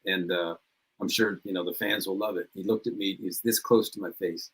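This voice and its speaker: Low, husky man telling stories. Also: brisk, rough recording. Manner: animated anecdotes, laughs often. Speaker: podcast guest, former reality show contestant. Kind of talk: casual storytelling chat.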